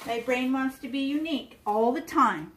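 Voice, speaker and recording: A middle-aged woman leads a painting lesson for kids in a somewhat high, bouncy voice. She talks her way through every stroke in a chatty, playful way. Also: normal speed, fairly bright tone. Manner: chatty and playful, narrating each brushstroke. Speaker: art teacher. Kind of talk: live art lesson to children.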